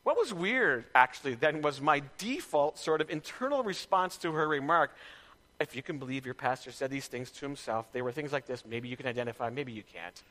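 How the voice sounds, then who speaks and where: An animated male pastor whose speech swings widely up and down, preaching in a candid, chatty way. His tone is bright and ringing. The long reverb of a big church hall trails behind every phrase. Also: mid-range voice, a little fast. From Canada. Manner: conversational, candid preaching with personal stories. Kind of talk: sermon.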